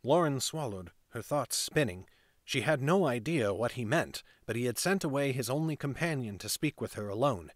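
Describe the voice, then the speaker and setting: A man narrating a fantasy novel aloud in a steady reading voice. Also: mid-range voice, moderate pace, no room sound, studio quality. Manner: steady reading with casual off-script asides.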